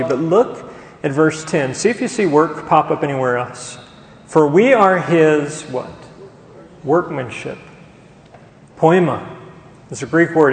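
Emphatic pastor preaching in an echoey church. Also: male voice, on the high side. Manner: emphatic, asks the congregation questions. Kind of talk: sermon. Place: church sanctuary.

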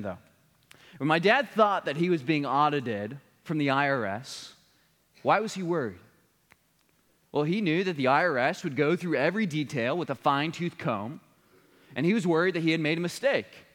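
Preacher telling a story in a big hall. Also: male voice, a little high, a bit bright. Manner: earnest storytelling, building to a solemn appeal. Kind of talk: sermon with personal story. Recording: long reverb of a large hall.

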